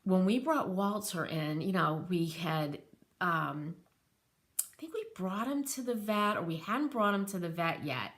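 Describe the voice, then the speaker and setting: Bright-voiced chatty American craft host. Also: female voice, fairly low pitch, lively intonation, unhurried. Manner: chatty, rambling, reads out viewer comments. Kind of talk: live crafting stream, chatting with viewers.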